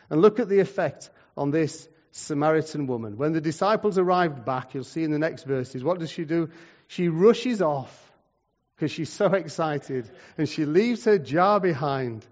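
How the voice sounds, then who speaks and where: A man preaching a sermon, telling stories in a conversational way and moving between loud and quiet. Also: mid-range voice. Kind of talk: sermon with storytelling. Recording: muffled, long hall reverb.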